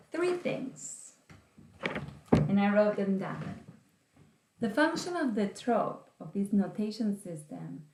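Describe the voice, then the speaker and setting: A woman teacher explaining an online lesson slowly and carefully, with pauses. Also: medium pitch, darkish tone. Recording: roomy echo.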